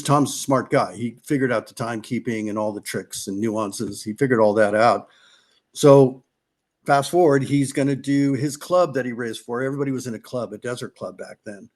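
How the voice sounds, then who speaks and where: A middle-aged Californian man, a former off-road racer appearing as a podcast guest, casually tells motocross stories. He rambles, restarts sentences, and acts out what other people said. His voice sits in the mid range with a darkish tone.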